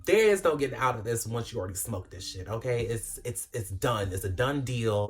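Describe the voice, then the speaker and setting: A young woman telling a storytime tale in a dramatic, self-mocking way, swearing freely. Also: a bass voice. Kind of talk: casual storytime.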